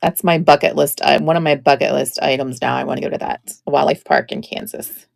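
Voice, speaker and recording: A middle-aged woman selling vintage jewelry on a live stream, chatting in an admiring, unhurried way. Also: low-pitched, steady tone, creaky, no room sound, clean studio sound. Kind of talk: live-stream sales chat.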